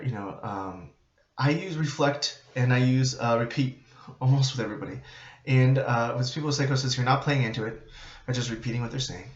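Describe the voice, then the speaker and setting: Man, nurse instructor, casual lecture, quick delivery, fillers and tag questions, roomy dull lo-fi sound. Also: mid-range voice. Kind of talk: informal lecture to students.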